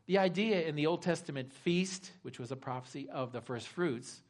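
A man preaching a sermon, retelling a scripture story dramatically and shifting between loud emphasis and hushed asides. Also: fairly high pitch, normal speed. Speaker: pastor.

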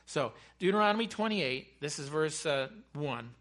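High, bright fervent male preacher. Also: expressive, normal speed. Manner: fervent, swells to loud emphatic peaks, chatty asides to the congregation. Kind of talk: sermon.

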